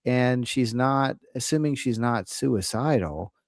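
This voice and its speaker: A man's voice: mid-range voice, takes it slowly, no echo, clean studio sound. A man hosting a casual discussion, thinking aloud with frequent restarts and acting out scenarios. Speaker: host.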